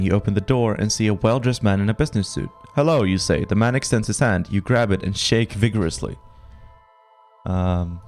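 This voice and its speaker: A man streaming a text adventure game, casually reading the story aloud and pausing with fillers as he types his next moves. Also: fairly low pitch, a little mellow. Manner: casual, reads game text quickly, trails off with fillers while deciding moves.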